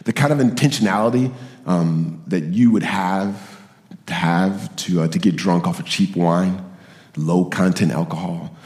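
A man preaching a sermon, animated and given to repeating his points and acting out quoted voices. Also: low voice, a little slow, roomy sound, long reverb tail. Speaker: pastor.

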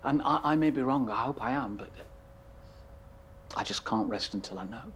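An actor playing an awkward, polite office worker who talks hesitantly and stammers. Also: male voice, medium pitch, normal speed, a bit bright, a little hiss or hum, natural voice.

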